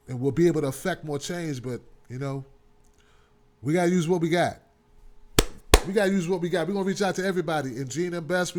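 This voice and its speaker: A man's voice: a little high, a little mellow. Earnest man rallying his audience. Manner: earnest, repetitive, rallying, informal speech. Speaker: host. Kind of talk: live online talk show with chat shout-outs.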